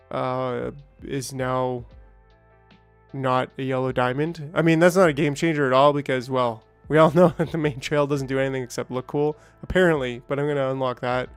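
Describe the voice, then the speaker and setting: The man, a gaming streamer, wanders casually through his stream, going over patch notes and calling out chat viewers by name. His medium-pitched voice is clear and resonant, with no room sound at all.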